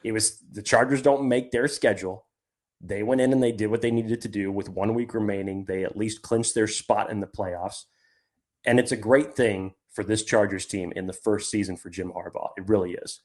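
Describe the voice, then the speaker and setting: A man's voice: fairly low pitch, steady tone, moderate pace. A man co-hosting a casual sports podcast, talking in long rambling sentences that restart midway. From California. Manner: rambling, self-interrupting. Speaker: podcast co-host.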